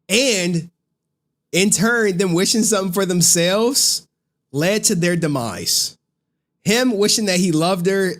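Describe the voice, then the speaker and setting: A man streaming, casually recapping a horror movie in profane slang and acting out the characters' lines. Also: sits high. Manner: animated, profane slang, acts out scenes with voices.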